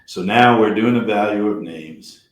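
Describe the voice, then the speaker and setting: An older actor telling animated backstage stories in a casual chat, acting out quotes and swearing freely. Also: male voice, on the low side, normal speed, reverberant, a little hiss or hum. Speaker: actor guest. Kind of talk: storytelling over drinks.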